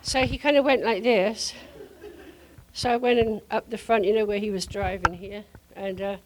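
An older woman preaching to a congregation, telling a lively testimony story with frequent laughter. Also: mid-range voice, moderate pace, background noise. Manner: animated storyteller, laughing often.

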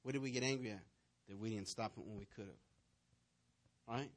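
A pastor delivers a sermon in a fairly quick, lowish male voice, telling stories and questioning his congregation. He acts out the voices and scenes within his tales.

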